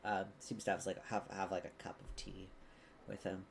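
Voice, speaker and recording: A man's voice: low-pitched, completely flat delivery, normal speed, gravelly, a little hiss or hum. A man running a tabletop game as game master, narrating in a rambling, hesitant way with many fillers.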